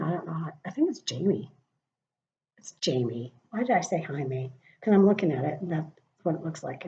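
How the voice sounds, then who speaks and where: A woman's voice: lowish voice, lively intonation, normal speed, warm tone, a little hiss or hum. Profane, chatty middle-aged woman ranting. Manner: profane and chatty, with muttered asides. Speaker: vlogger. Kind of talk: casual political rant. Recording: dull lo-fi sound.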